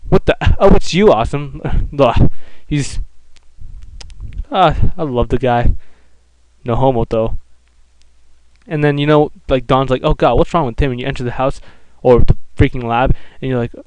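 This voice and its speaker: A man's voice: medium pitch, unhurried, a little mellow, smooth, dry recording, low-quality recording. A young man giving joking, mock-dramatic commentary while playing a video game. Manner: joking, mock-dramatic, narrates in second person. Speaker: let's play commentator. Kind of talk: casual gameplay commentary.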